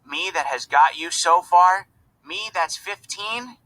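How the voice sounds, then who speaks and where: A man's voice: high voice, slow pace, bright, forceful tone, dry recording, voice pushed up, full character voice, rough recording. A man reading aloud, voicing a brave but anxious fifteen-year-old Irish girl in a storybook. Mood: reassuring. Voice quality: earnest, protective.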